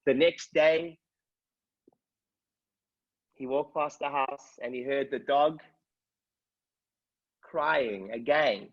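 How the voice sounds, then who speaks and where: A man's voice: mid-range voice, very slow, pauses often, muffled recording. A man coaching a group over a call, telling stories with energy and checking in with his listeners. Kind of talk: motivational talk on a group call. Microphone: video call.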